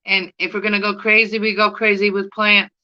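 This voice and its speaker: A woman's voice: mid-range voice, level tone, fairly quick, muffled recording. A middle-aged Canadian woman with a Canadian accent, chatting casually to camera in a rambling, giggly way. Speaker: plant vlogger.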